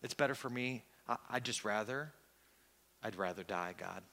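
Man acting out a bitter despairing prophet, exasperated, pleading, bright tone, long hall reverb. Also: fairly low pitch, moderate pace, gravelly. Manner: exasperated, pleading, rising to outrage. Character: frustrated, bitter male prophet begging to die.

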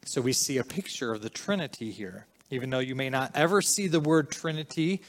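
A man preaching a sermon, earnest and emphatic in places, quieter and reflective in others. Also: mid-range voice, expressive, brisk. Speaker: pastor.

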